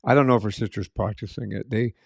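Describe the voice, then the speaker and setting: A man's voice: lowish voice, steady tone, fast talker, vocal fry, a little mellow, no room sound, studio quality. A man co-hosting a podcast after-show, talking in a loose, rambling way with lots of fillers. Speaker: podcast co-host. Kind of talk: casual after-show chat.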